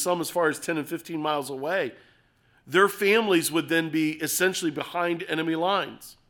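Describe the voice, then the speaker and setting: A middle-aged man preaching an expository sermon, earnest and animated, acting out little scenes as he explains the text. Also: on the high side.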